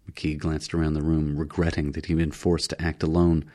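A man narrating an audiobook story in a measured storytelling manner. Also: rumbling low, level tone, mellow.

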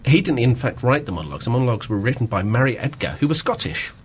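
A man's voice: mid-range voice, sing-song, very fast, slight background noise. A man talking as a podcast guest in a reflective, discursive way, with many ums. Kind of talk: casual podcast conversation.

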